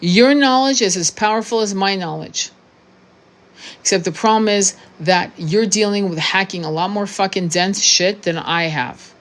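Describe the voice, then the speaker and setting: A woman's voice: medium pitch, moderate pace. A woman in her sixties, a tarot reader and spiritual coach, talking straight to her viewers in a blunt, profane, impassioned monologue full of restarts. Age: 60s. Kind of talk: unscripted monologue to camera.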